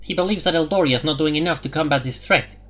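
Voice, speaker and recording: A cold, calculating woman envoy voiced by a man narrating an audiobook. Her words come curt and skeptical, clipped short with no warmth to spare. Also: on the high side, quick pace, pitched above the performer's own voice. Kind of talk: audiobook character voice.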